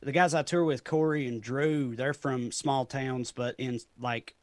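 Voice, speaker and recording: A man's voice: medium pitch, fairly even intonation, measured pace, dry recording. A man with a Southern Tennessee accent, a comedian talking loosely and often laughing in an interview. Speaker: comedian guest. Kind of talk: casual interview chat.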